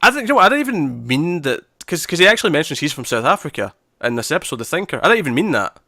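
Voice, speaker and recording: A man co-hosting a podcast about TV episodes, chatting casually and acting out lines from scenes with quick restarts. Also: on the high side, very animated, sharp tone, no room sound, studio quality. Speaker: podcast co-host. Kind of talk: casual chat.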